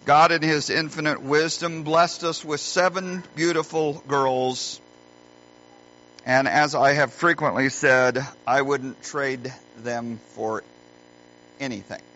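A middle-aged man preaching a sermon as a pastor, earnest and folksy, telling stories with deliberate pauses, recorded in a church. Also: medium pitch, fairly even intonation, pushed and bright. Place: church sanctuary. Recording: muffled lo-fi recording with faint hum.

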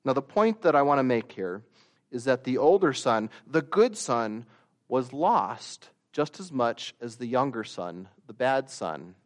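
A man preaching a sermon, slow and deliberate, rising to loud emphatic peaks and dropping to quiet asides. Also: mid-range voice, big pitch swings. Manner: slow, deliberate delivery with long pauses.

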